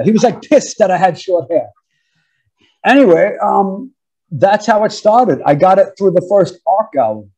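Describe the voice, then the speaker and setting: Man in his 50s, from New York, higher pitch, mellow tone, animated slangy storyteller. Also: measured pace, breathy edge, lo-fi sound. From New York, USA. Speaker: drummer, interview guest. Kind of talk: casual storytelling interview.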